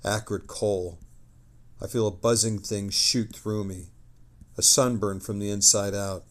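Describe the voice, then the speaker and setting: A man streaming live, reading lore passages aloud with excitable, chatty asides. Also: fairly low pitch, a little slow. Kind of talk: casual lore reading on a livestream.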